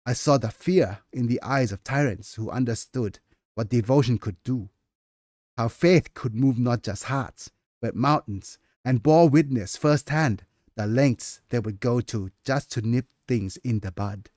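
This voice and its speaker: A man's voice: medium pitch, measured pace, darkish tone, no room sound, studio quality, natural voice. A man reading as a grave, weary aging witness. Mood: solemn, reflective. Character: solemn aging male witness, weary and reflective. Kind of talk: reading own fiction aloud in character.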